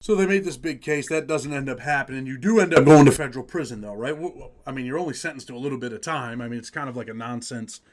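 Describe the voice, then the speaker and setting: A man hosts the interview and fires off quick, casual follow-up questions. He talks at a brisk clip, with a mid-range voice. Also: mid-range voice. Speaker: interview host.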